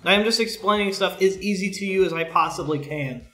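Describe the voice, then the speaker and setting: Monotone profane man on a stream. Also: high-pitched, a little fast, reverberant. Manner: blunt and profane, frequent throat clearing. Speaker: streamer, school IT worker. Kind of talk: casual chat on a livestream.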